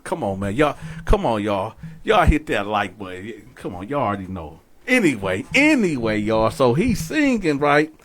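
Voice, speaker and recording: A man casually telling a story about jail, animated and profane, talking straight to his viewers. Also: medium pitch, moderate pace, few pauses.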